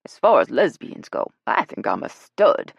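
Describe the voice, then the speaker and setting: Brash older woman, blunt and teasing, loud, read by a female narrator. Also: very deep voice, sing-song, normal speed, vocal fry, breathy edge, no room sound, highs cut off, full character voice. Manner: brash and bossy.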